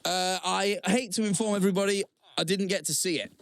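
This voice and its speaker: A man's voice: high-pitched, fairly even intonation, a little fast, no room sound. A young man co-hosting a podcast, telling stories in casual chat with lots of swearing and repeated words. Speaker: podcast co-host.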